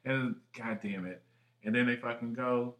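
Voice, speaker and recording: Man, podcast co-host, excited, swears a lot, rambling, echoey room. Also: mid-range voice, normal speed. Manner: excitable, heavy swearing, jumps between thoughts. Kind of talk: casual chat. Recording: roomy echo.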